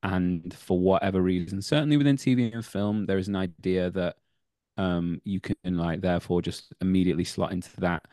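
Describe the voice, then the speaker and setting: A man's voice: low-pitched, steady tone, fairly quick, warm tone, no echo, clean studio sound. A man in his thirties, an actor guest on a podcast, talking casually and rambling through many fillers and restarts. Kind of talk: casual interview chat.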